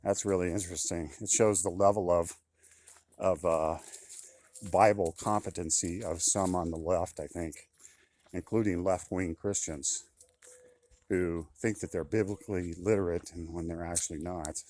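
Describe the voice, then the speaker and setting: A man's voice: low voice, steady tone, normal speed, darkish tone. An older man talking casually in a monologue, often repeating himself and turning indignant. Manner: conversational, repetitive, indignant. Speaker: commentator.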